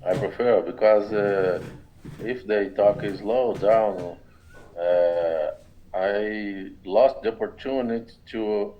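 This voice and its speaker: A man's voice: on the low side, takes it slowly, highs cut off, a little hiss or hum. A man with a Brazilian Portuguese accent, a student in an English conversation class, answering hesitantly as he searches for words.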